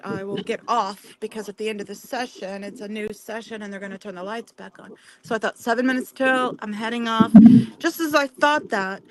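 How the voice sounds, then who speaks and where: A woman's voice: a little high, background noise. A woman hosting a knitting chat stream, telling a long personal story in a rambling way with restarts.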